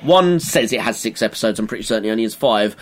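A man's voice: lowish voice, expressive, quick pace. A man co-hosting a podcast, swearing freely and recapping episodes in casual chat. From Britain. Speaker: podcast co-host.

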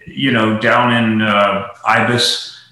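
A man's voice: on the low side, level tone, slow, bright, forceful tone. A man from Lancaster, Pennsylvania, a golf professional telling a long casual story, rambling with lots of fillers. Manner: rambling, many "you know" fillers. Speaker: podcast guest, golf professional. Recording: very echoey room.

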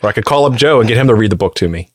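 A man's voice: fairly low pitch, animated, very fast, no room sound. A man co-hosting a podcast in casual chat, throwing in joking quips. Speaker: podcast co-host.

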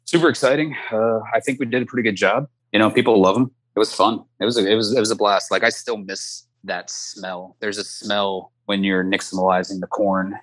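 A man with a very low, deep voice talks in a casual interview. He rambles candidly and sprinkles in plenty of filler words and the odd curse. The sound is dry and close, with no room echo. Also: steady tone, fairly quick, few pauses. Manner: rambling, candid, peppered with "like" and swearing. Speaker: chef guest.

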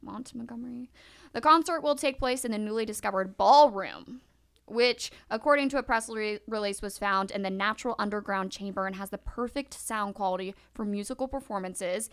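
A woman co-hosting a casual podcast, animated, laughing often and reading news stories aloud. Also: mid-range voice, a little fast, clean tone. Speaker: podcast co-host. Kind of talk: casual chat.

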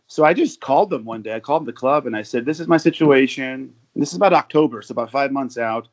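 A man's voice: mid-range voice, fast talker. A man from the United States, a guest on a casual podcast, telling long stories with lots of fillers and restarts. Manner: rambling storyteller with many fillers and restarts. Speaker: guest, overseas football supporter.

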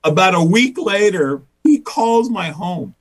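A man's voice: sits high, animated, unhurried. A male stand-up comedian telling a story in casual chat, acting out quotes and laughing often. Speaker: guest comedian and voice actor.

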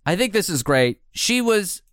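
A man's voice: sits high, sing-song, a little slow, a bit bright, clean tone, dry recording, studio quality. A man hosting a podcast in casual chat, earnest and chatty, often laughing along. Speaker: podcast host.

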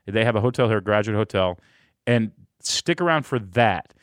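A man hosting an interview podcast, telling stories with enthusiasm in quick bursts. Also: fairly low pitch, clean tone, no room sound, clean studio sound. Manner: energetic, storytelling, quick bursts. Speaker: podcast host.

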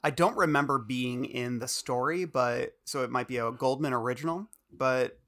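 A man's voice: mid-range voice, normal speed, a bit bright. A man co-hosting a podcast, leading the segments in a casual, joking way. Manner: jokey, leads the segments. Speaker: podcast co-host.

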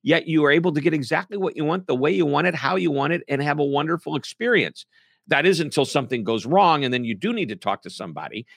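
A man, a book author, answering interview questions in a lively, joking way. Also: a little high, gravelly, dry recording, clean studio sound. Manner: animated, playful, jokes and puts on quick impressions. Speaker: author and podcast guest.

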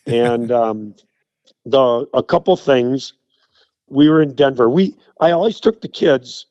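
Middle-aged man, animated storyteller, higher voice, dull dry sound. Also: measured pace, no echo. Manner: animated anecdote teller. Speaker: guest. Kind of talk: casual radio chat.

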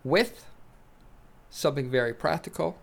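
A man hosting a casual podcast and posing the questions, playful and laughing as he pitches ideas. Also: expressive, a little slow, vocal fry. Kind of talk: casual banter.

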